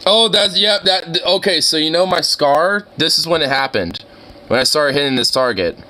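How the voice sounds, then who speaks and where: A man's voice: fairly high pitch, expressive, moderate pace, pushed and bright, a little hiss or hum. A man chatting casually on a live stream, rowdy and profane, laughing often. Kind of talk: casual chat.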